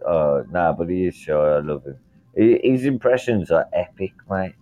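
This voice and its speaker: Deep-voiced profane British man. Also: moderate pace. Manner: profane, blunt and excitable. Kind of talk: casual chat. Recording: dull lo-fi sound.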